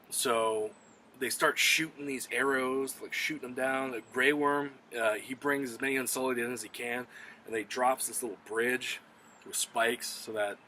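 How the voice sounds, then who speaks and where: Male reviewer, bright, forceful voice, loose and profane recap, faint room noise. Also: medium pitch. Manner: excited, profane retelling with quoted asides. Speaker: TV episode reviewer. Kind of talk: casual solo review.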